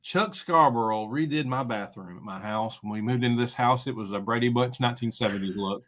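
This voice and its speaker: A man's voice: medium pitch, brisk, a bit bright. A middle-aged man from Alabama with a Southern US accent, co-hosting a casual chat show, effusive and repetitive as he thanks people. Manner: effusive, repeats himself, gives thanks. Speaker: co-host.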